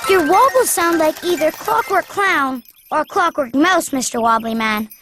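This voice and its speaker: A woman's voice: high-pitched, expressive, a little slow, over music. Noddy, a chirpy cartoon boy. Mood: eager. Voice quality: bright, chirpy, childlike. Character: cheerful little wooden boy, helpful and eager. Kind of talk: cartoon voice acting.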